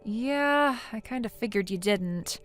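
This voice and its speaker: A woman voicing a blunt female friend who lectures a cheater in a text story, in a somewhat high voice. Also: lively intonation, slow, faint music behind. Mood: stern.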